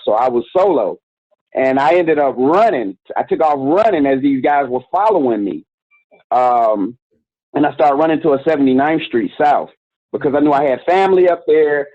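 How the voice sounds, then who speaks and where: A man's voice: medium pitch, no echo. A man in his forties recounting his past as an interview guest, candid and conversational with an easy, slangy manner. His mid-range voice comes through thin and phone-like, with a dry, close sound. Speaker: youth organization director, guest. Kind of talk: casual storytelling interview.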